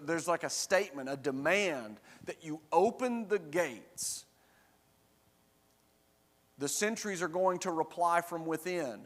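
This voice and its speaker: Male Bible study teacher, a little high-pitched, conversational, explains verse by verse, church room with long reverb. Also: animated, moderate pace, a bit bright. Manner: explains verse by verse, checks in with the class with "right?". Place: church classroom.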